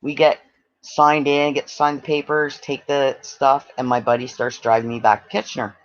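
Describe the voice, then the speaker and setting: A man's voice: medium pitch, moderate pace. A man from Canada telling a long personal story in casual chat, acting out what others said. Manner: animated, acts out quoted voices. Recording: dull lo-fi audio.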